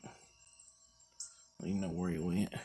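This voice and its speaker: A man's voice: low-pitched, flat delivery, normal speed, mellow, breathy edge, faint music behind. A tired, drowsy man chatting casually on a live stream while sitting outdoors on his porch, rambling in a laid-back way. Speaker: livestream host.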